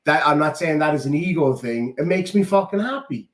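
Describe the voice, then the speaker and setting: A man's voice: on the high side, lively intonation, a little fast. A man with an Irish accent telling heartfelt stories in casual chat, swearing freely. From Ireland. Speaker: podcast co-host. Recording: roomy echo.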